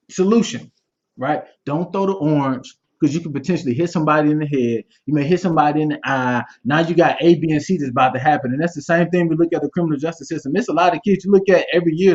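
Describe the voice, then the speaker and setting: A man's voice: fairly high pitch, darkish tone. A young adult man giving a candid motivational talk as a guest speaker, passionate and conversational, with loose repetitions and asides. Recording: muffled stream audio.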